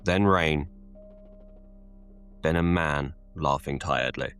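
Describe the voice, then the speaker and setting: A man narrating a scripted horror story in a slow, measured, ominous delivery. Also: very deep voice, fairly bright tone, smooth, soft background music.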